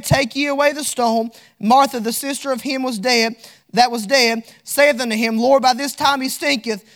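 A man's voice: very high voice, a bit bright. A man preaching a sermon, fervent and repetitive, lapsing into a sing-song cadence as he reads scripture.

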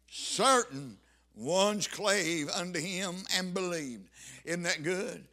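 A man's voice: fairly high pitch, animated, slow, pushed and bright. A man preaching a sermon to his congregation, reading scripture and pressing his points with fervent emphasis. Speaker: pastor.

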